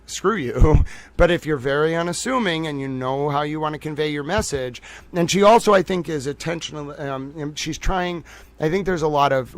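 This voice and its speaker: A man with a Boston accent hosting a commentary stream, talking fast and digressively with lots of fillers and restarts. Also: a little high, no echo. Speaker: commentary livestream host. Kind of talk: casual analytical commentary.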